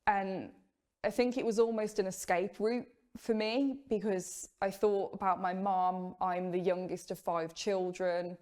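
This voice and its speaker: A young woman candidly recounting her own life story, measured and open, with the odd rueful laugh. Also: mid-range voice, steady tone, a little mellow. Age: young adult. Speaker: former Jehovah's Witness sharing her story. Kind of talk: personal testimony.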